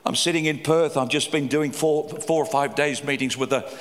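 A middle-aged pastor preaches with passion, his voice sitting high for a man. He rises to loud, fervent cries, then drops low and quiet. The sound carries a long live reverb from a big church hall. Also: fairly even intonation, moderate pace. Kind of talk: sermon.

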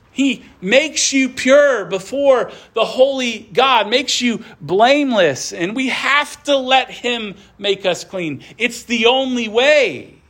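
A man's voice: high-pitched, fairly bright tone. A man preaching a sermon in a church, earnest and conversational, with asides to the congregation. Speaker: pastor.

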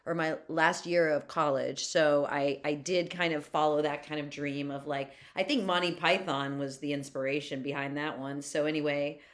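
Deep-voiced woman in her fifties, a giggly guest who goes off on tangents. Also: steady tone, moderate pace, hardly any pauses. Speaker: podcast guest. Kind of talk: casual podcast chat.

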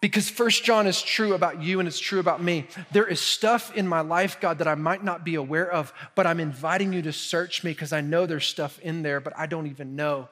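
Male pastor, sermon, earnest and conversational, fairly high voice, hushed intensity. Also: fairly even intonation, brisk, hardly any pauses.

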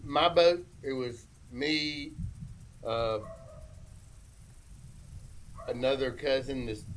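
A man's voice: mid-range voice, drawn-out words, slight background noise, low-quality recording. Rambling Southern-style storyteller man. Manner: rambling storyteller, acts out others' speech. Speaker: podcast guest telling a fishing story. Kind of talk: casual chat.

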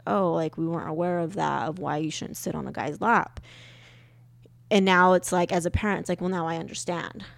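A young woman co-hosting a podcast with her husband, chatty and quick to laugh, emotional as she talks about children. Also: lowish voice, gravelly, no echo. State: pregnant. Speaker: podcast co-host. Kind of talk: casual chat.

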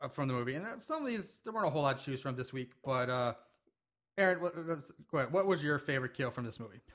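A man's voice: mid-range voice, animated, fast talker, a bit bright. A man hosting a podcast, rambling and swearing as he jokingly recaps a movie plot. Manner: rambling, profane, jokey storytelling. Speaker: podcast host. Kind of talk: casual movie recap chat.

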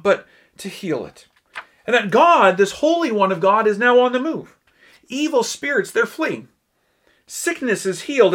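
A male pastor delivering a sermon in an earnest, emphatic way, pausing on key words. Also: high-pitched, fairly bright tone.

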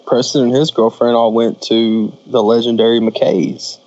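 A man's voice: medium pitch, little pitch movement, measured pace, a little mellow, no echo. A man tells a casual story on a podcast, blunt and crude in his jokes. His voice comes through a dry, slightly dull home recording. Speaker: podcast co-host. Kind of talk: casual chat.

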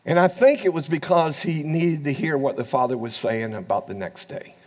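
A man with an American accent preaching a sermon as pastor, swinging from hushed asides to loud, rising lines and laughing often. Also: on the high side, moderate pace, big-room sound.

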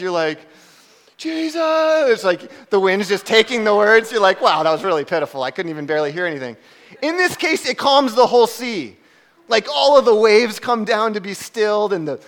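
A young man preaching in a relaxed, chatty way, his voice sitting somewhat high for a man. He tells the story with animated energy, shouting out lines as he acts them. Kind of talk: casual sermon storytelling.

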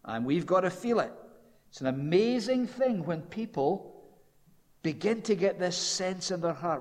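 A man preaching a sermon, telling the story with animation and dropping low and quiet when quoting. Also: animated, measured pace, long reverb tail.

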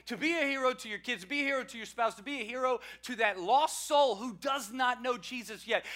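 High, bright-voiced preacher man. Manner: energetic, joking, emphatic repetition. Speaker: pastor. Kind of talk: sermon.

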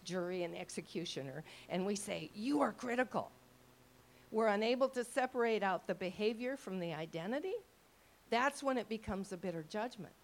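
An older woman gives a conversational ministry teaching to a live audience. She talks with a mid-range pitch, drops into acted-out inner voices, and keeps checking in with her listeners. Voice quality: expressive, acts out quoted thoughts in lively voices.

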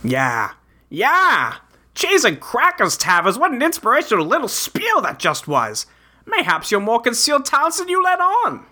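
A woman's voice: fairly high pitch, huge pitch swings, normal speed, sharp tone, voice pushed up, exaggerated voice. A woman reading a quirky young male adventurer who talks in folksy, old-fashioned slang, rambling and exclaiming. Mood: impressed. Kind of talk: reading a webcomic aloud.

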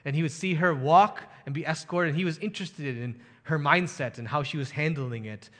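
A man's voice: fairly high pitch, a little fast, fairly bright tone, in a large hall. A man in his thirties preaching a sermon as pastor, telling a story earnestly and building to emphatic rhetorical questions.

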